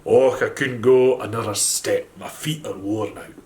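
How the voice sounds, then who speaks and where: A man's voice: fairly low pitch, unhurried, darkish tone, lightly acted. A man voicing a strange little male trow, polite and wheedling as he asks for food and shelter. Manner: polite, wheedling, then pointed.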